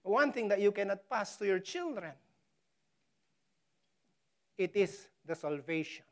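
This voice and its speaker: A woman preaching a sermon, stressing key words hard and pausing for effect. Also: mid-range voice, animated, creaky. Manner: emphatic, dramatic pauses on key words; slow, deliberate delivery. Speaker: pastor.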